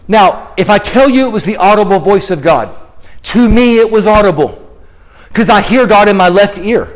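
Fervent high-voiced preacher man. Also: lively intonation, rough recording. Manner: fervent, dramatic slowing on key lines. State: sweating, exerting himself. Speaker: guest preacher. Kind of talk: sermon. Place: church sanctuary.

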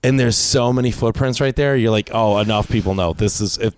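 A man chatting on a comedy podcast, telling animated stories full of swearing and quick impressions. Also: on the low side, a little hiss or hum. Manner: animated storytelling, drops into voices and impressions, swears a lot. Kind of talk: casual comedy podcast chat.

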